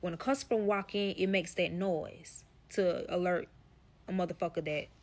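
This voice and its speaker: A woman's voice: on the low side, fairly even intonation, moderate pace, darkish tone. A woman telling a personal story in casual, profane fashion, talking straight to her audience. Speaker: storyteller guest.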